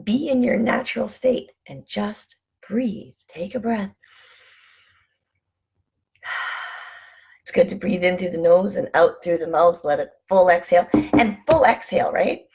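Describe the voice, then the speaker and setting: A woman vlogger giving casual motivational talk, calmly encouraging listeners to breathe and slow down. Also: mid-range voice, gravelly, breathy edge. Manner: calm, encouraging, coaching listeners through breathing. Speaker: wellness vlogger.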